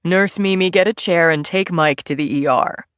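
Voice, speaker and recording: A man's voice: high-pitched, moderate pace, fairly bright tone, smooth, dry recording, studio quality. A woman voicing a stern male asylum doctor who gives clipped, authoritative orders.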